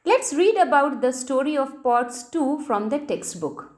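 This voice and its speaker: A high-voiced woman teacher talks young children through a textbook lesson. Her voice swoops up and down in a sing-song way, and she takes her time. She stops to spell out key words letter by letter. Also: lively intonation, unhurried, darkish tone. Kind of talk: reading and explaining a school textbook lesson.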